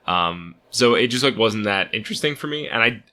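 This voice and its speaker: A man's voice: lowish voice, lively intonation, brisk, pushed and bright. A young man co-hosting a casual sports podcast, rambling with lots of restarts and "like". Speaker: podcast co-host.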